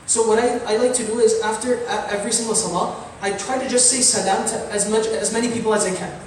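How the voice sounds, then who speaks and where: A man's voice: high voice, steady tone, quick pace, a little hiss or hum. A man giving a sermon-style talk as an imam, an earnest storyteller who builds to impassioned appeals. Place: large mosque hall. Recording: very echoey hall from far off.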